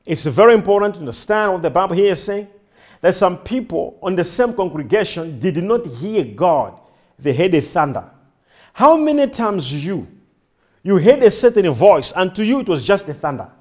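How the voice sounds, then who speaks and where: A man's voice: sits high, very animated, normal speed, a little mellow. A man preaching a sermon to a congregation, repeating his phrases and firing questions back at the crowd. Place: church before a congregation.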